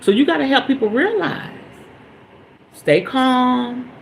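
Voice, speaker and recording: A woman's voice: high voice, expressive, takes it slowly, vocal fry, slight background noise, poor audio. A woman hosting a spiritual podcast, giving an emphatic, preachy motivational talk straight to her listeners.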